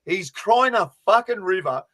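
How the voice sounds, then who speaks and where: A man co-hosting a fantasy sports podcast, telling stories in a loud, sweary, animated way over a remote call. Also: sits high, measured pace. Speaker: podcast co-host.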